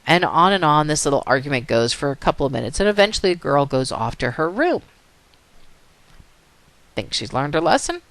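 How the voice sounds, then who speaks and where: A woman's voice: sits low, very animated, a little fast, long pauses, a bit bright, dry recording. A woman psychology teacher lecturing, telling a story and asking rhetorical questions.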